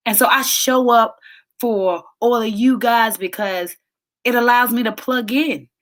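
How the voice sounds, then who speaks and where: A woman with a fairly high voice delivers an inspirational live talk as a soul coach. She is emotional and close to tears, and she keeps repeating phrases for emphasis in a preachy way. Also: fairly bright tone. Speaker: soul coach hosting a daily live show.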